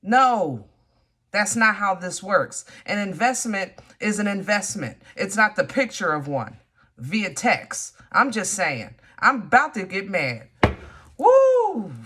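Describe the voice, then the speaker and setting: A woman giving a tarot reading straight to her viewers, animated and blunt, cursing when frustrated. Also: medium pitch, slightly rough. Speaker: tarot reader.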